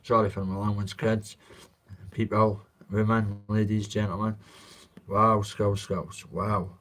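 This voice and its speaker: Low-voiced Scottish man, blunt and sweary. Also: little pitch movement, takes it slowly, fairly bright tone. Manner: blunt, candid, sweary, heartfelt. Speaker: livestreamer reading chat. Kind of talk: casual live-stream chat.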